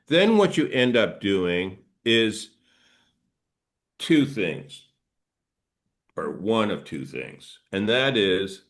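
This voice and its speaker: A middle-aged man, a trauma therapist, gently guiding listeners through arm-swing exercises and explaining body reactions. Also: on the low side. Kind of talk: guided movement instruction.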